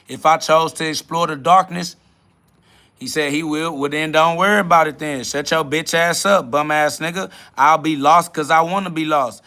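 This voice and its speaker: A man's voice: fairly high pitch, sharp tone. A man hosting a livestream, answering chat comments in a combative, dismissive way and swearing a lot. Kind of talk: profane spiritual livestream rant.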